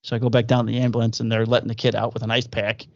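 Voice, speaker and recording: A man, a police officer and podcast co-host, telling a story from work in a casual, profane, animated way. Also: medium pitch, racing, gravelly, no room sound. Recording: dull lo-fi dry audio.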